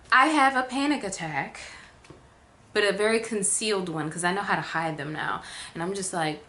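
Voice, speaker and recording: A woman vlogger telling a casual storytime, chatty with lots of fillers, acting out quotes with big jumps in pitch. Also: moderate pace, bright, forceful tone, slight background noise.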